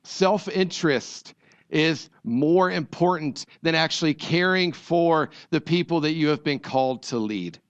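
A pastor from rural Ohio giving a sermon, praying, reading scripture and talking easily with the congregation. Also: male voice, on the high side, a little slow, muffled recording. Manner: conversational, jokes with the congregation.

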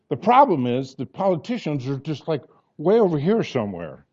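A man's voice: on the high side, sing-song, normal speed, darkish tone, muffled recording. A man in his sixties preaching a sermon, telling personal stories and acting out the dialogue in them with earnest conviction. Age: 60s.

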